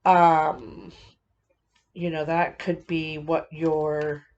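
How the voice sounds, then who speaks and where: A woman giving a casual tarot reading, thinking aloud in a halting, musing way with many fillers. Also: deep voice, flat delivery, darkish tone, muffled recording, a little hiss or hum. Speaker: tarot reader.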